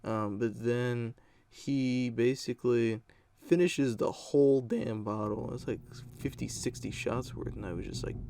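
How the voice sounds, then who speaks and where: A man's voice: mid-range voice, unhurried, mellow. A young man telling a rambling, profane story in a casual storytime vlog. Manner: rambling, profane, lots of fillers.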